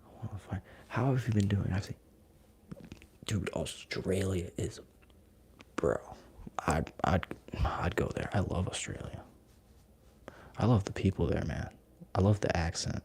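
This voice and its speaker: A young man hosting a Reiki live stream, chatting with viewers in a relaxed, slangy half-whisper. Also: deep voice, a little slow, pauses often, slightly rough. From United States.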